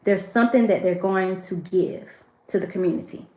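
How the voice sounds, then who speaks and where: A tarot reader on a spiritual livestream speaks directly to her viewers, emotional and preachy as she reads the cards. Her mid-range voice is warm and moderately paced, heard in an echoey room.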